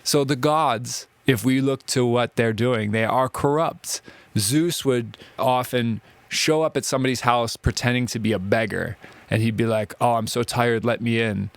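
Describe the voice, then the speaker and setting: A man's voice: mid-range voice, measured pace, no echo. A man giving a casual classroom ethics lecture, chatty and conversational, often checking in with "right?". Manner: chatty, conversational, uses filler words like "right?" and "like".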